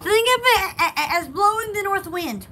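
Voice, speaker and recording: A woman's voice: very high voice, animated, normal speed, background noise. A woman hosting a live online sale, chatting casually and giggling often. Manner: giggly and playful. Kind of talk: casual livestream chat.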